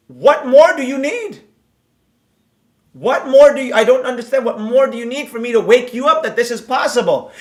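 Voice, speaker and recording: A man's voice: extremely high pitch, reverberant. Impassioned man preaching about trading. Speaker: trading educator. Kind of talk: livestream rant to viewers.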